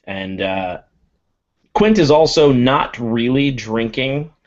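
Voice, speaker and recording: A man's voice: medium pitch, lively intonation, slow. A man describing his character's actions in a tabletop game, casual and rambling, on a muffled recording. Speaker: player.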